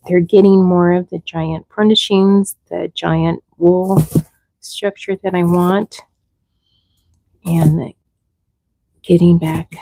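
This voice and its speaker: A woman's voice: lowish voice, vocal fry, dark tone, no room sound, rough recording. A middle-aged woman breeding rabbits, chatting casually on a livestream and talking sweetly to the baby bunnies.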